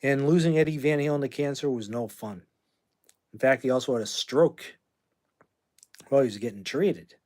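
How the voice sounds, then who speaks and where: A man's voice: medium pitch, moderate pace, long pauses, darkish tone. A man in his fifties from the United States, hosting a livestream in a brash, rambling, trash-talking way while answering viewer comments. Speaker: livestream host.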